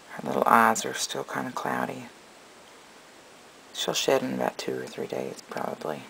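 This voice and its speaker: Gravelly, lively-voiced man. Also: mid-range voice, slight background noise, poor audio. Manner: gentle, chatty, coos at the snakes. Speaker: snake breeder. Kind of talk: casual video update.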